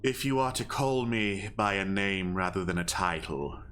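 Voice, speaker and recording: A man voicing a giant owl who leads a town, speaking slowly, formally and coldly. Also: sits low, animated, fairly bright tone, clear, resonant tone. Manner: slow, measured, formal.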